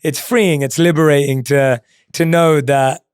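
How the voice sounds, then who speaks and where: A man's voice: a little high, steady tone, a little slow, clean tone, no room sound, studio quality. A man hosting a podcast interview, talking in an effusive, appreciative way. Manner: effusive and appreciative, with short backchannel replies. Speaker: podcast host. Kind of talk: casual interview chat.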